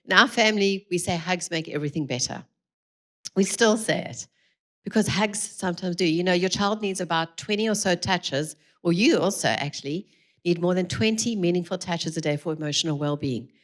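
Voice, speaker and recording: Middle-aged woman, fairly low pitch, warm and animated speaker for a live parenting talk. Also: a little fast. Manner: lively, acts out quoted dialogue, laughs often. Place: church hall.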